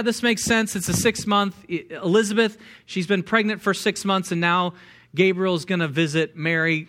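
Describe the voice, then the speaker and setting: An American man preaching a sermon in a relaxed, joking way, full of fillers and restarts. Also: high-pitched. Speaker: pastor. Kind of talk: sermon with slides.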